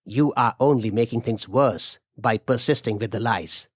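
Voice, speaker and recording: A man's voice: medium pitch, normal speed, breathy edge, dry recording, studio quality, lightly acted. A man voicing a stern business associate who scolds someone.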